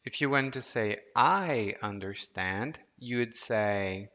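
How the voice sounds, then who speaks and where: Slow, patient male language teacher. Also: mid-range voice, pushed and bright. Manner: patient, deliberate, prompts listener to repeat. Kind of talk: audio language lesson. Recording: dull lo-fi audio with long reverb.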